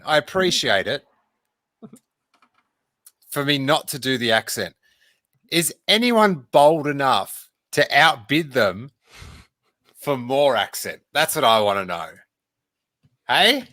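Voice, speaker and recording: A man's voice: medium pitch, big pitch swings, measured pace, long pauses, pushed and bright, no echo, studio quality. A man hosting a livestream podcast in a casual, playful, rambling chat. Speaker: podcast host.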